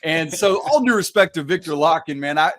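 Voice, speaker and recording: Emphatic sports podcast co-host. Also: male voice, fairly high pitch, animated, fairly quick, a crowd in the background. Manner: emphatic, argumentative. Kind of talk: casual sports debate.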